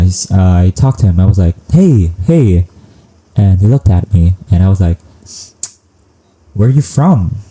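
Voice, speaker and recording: A man's voice: low voice, warm tone, rough recording. A young man, casually telling a story to camera in a chatty, rambling way. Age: young adult. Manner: chatty, self-aware rambling, acting out quoted dialogue. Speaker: vlogger.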